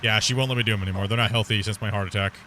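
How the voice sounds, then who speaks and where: A man's voice: fairly low pitch, steady tone, very fast, bright, forceful tone, a little hiss or hum. A man chatting casually while streaming live gameplay, rambling, laughing often and swearing casually.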